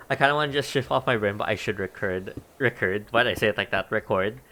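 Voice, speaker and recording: A man streams a game and chats casually, thinking aloud about what he's building and poking fun at himself. His voice is on the low side, fast and sharp-toned, with a little hiss or hum in the audio.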